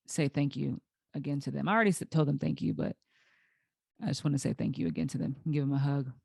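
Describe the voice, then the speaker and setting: A woman with a low voice and vocal fry hosts a solo podcast, candidly and emotionally telling her own story, sometimes close to tears and full of restarts and fillers. The recording has no room sound.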